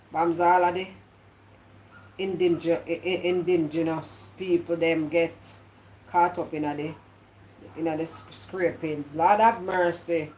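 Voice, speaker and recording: Jamaican woman vlogger, lowish voice, rambling patois chat, echoey room with faint hum. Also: darkish tone. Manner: chatty, patois-laced, stumbles and repeats words. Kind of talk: casual live-stream chat.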